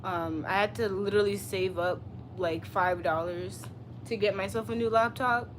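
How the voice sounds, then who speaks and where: A woman's voice: mid-range voice, steady tone, moderate pace, background noise. Blunt, profane young woman livestreamer. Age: 20s. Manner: blunt, profane, sassy, answers chat questions. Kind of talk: casual live-stream chat.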